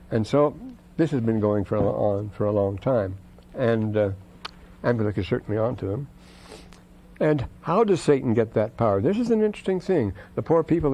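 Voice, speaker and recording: A man's voice: medium pitch, warm tone, low-quality recording. A man lecturing on scripture, wandering off into asides and "you see", and reading quoted verses aloud with more force. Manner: reads quoted verses aloud with rising emphasis.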